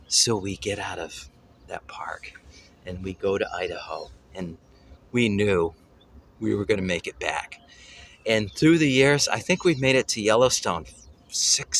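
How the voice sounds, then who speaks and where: A man hosting a family travel show, telling a story casually and excitedly, often pausing to search for words. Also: low-pitched, a little hiss or hum. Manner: excitable, gropes for words, exclaims "holy cow".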